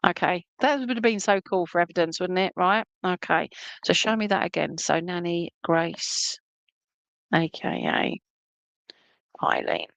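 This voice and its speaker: A woman's voice: fairly low pitch, moderate pace, creaky, a bit bright, no room sound. A woman working as a spiritualist medium, giving an online reading at home in a chatty, affectionate way with lots of fillers.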